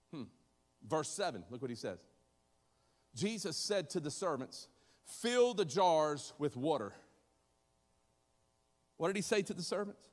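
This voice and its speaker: A man preaching a sermon in a church, conversational and animated, joking with the congregation and acting out voices. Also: medium pitch, long reverb tail. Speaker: pastor.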